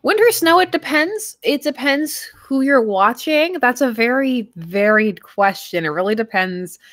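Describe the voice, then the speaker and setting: A woman's voice: on the high side, expressive, measured pace, a bit bright, no echo, clean studio sound. A young woman streaming live, chatting casually with viewers, laughing often and trailing off mid-sentence. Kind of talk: casual livestream chat reading viewer comments.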